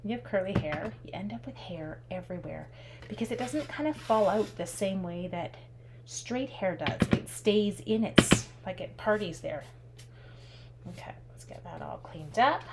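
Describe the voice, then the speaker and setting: A woman's voice: medium pitch, normal speed. A woman hosting a live stamping demo, chatty and upbeat, thinking aloud and answering viewer comments. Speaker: craft instructor and live stream host. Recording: steady background noise with clicks.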